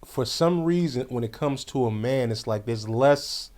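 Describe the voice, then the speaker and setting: Reflective man in relaxed talk. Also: medium pitch, unhurried. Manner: reflective, hesitant, frequent "you know" and "um". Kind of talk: casual podcast conversation.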